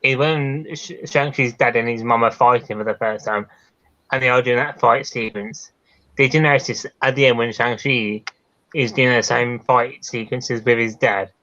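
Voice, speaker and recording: A man's voice: mid-range voice, fairly even intonation, sharp tone. Male co-host, stop-start delivery, lo-fi sound. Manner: halting, repeats words when starting. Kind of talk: casual chat.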